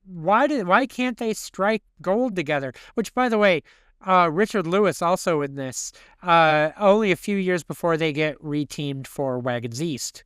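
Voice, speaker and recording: A man co-hosting a podcast in casual movie chat, animated and swearing freely as he talks. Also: high voice, a little slow, smooth, dry recording, clean studio sound. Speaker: podcast co-host.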